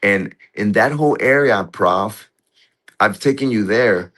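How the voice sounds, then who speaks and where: Slow, halting man with a low voice. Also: a bit bright. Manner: halting, many restarts, profane. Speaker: guest. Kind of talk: casual storytelling in conversation.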